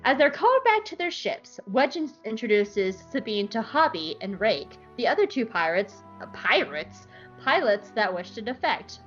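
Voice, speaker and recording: A young woman recapping an episode with a chatty, irreverent, profane bent. Her voice sits fairly high and moves lively. The audio is slightly dull, with faint music beneath. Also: moderate pace. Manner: chatty, irreverent, swears freely. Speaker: show recapper.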